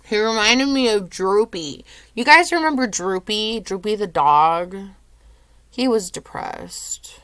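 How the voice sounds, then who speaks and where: A young woman vlogging at home, low and teary, rambling with lots of "like". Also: animated, takes it slowly, a bit bright, clear, resonant tone, no echo. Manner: rambling, says "like" often. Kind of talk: casual confessional vlog.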